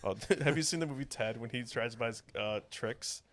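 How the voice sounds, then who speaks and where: A man's voice: mid-range voice, brisk, a bit bright. A man co-hosting a podcast in casual chat, rambling and laughing often as he talks. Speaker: podcast co-host.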